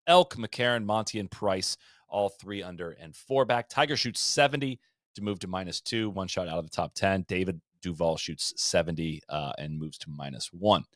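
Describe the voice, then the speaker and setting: A man co-hosting a podcast, telling golf history in a loose, animated way, full of fillers and restarts. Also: low voice, moderate pace, dry recording, clean studio sound. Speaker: podcast co-host. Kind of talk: casual golf history chat.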